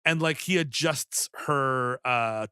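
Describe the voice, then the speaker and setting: A man's voice: mid-range voice, slow pace, pushed and bright, clear, resonant tone, dry recording, clean studio sound. A man on a comedy podcast, recapping a film plot in a loose, rambling way full of fillers. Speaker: podcast panelist. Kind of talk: casual comedy chat.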